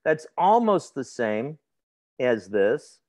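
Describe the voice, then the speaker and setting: A man's voice: mid-range voice, sing-song, slow pace. A man teaching a grammar lesson in a conversational way, asking his students questions and laughing easily. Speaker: instructor. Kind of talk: classroom grammar lecture.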